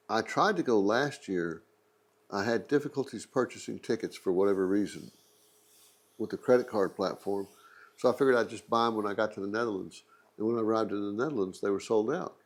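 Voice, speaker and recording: A middle-aged man with a Texan accent, casually telling a rambling, joking travel anecdote as the host of a museum channel. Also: fairly low pitch. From Texas. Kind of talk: casual storytelling.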